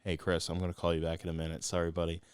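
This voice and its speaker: A young man with a low, deep voice talks in an excitable, rambling way as a podcast co-host. The sound is dry and close, with no room echo. He tells stories with lots of restarts. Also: rapid-fire, clean tone. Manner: excitable, storytelling, jumps into voices. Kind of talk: casual chat.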